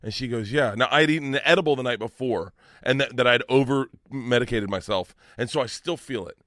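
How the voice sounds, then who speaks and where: A middle-aged man telling a long story in casual chat, animated, swearing and laughing as he goes. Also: medium pitch, fairly quick, dry recording, clean studio sound. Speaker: comedian podcast guest.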